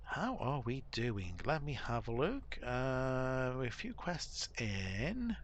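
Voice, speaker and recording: A man's voice: mid-range voice, huge pitch swings, slow pace, hardly any pauses, highs cut off. A man hosting a gaming video, musing to himself in casual gameplay commentary, restarting sentences as he goes.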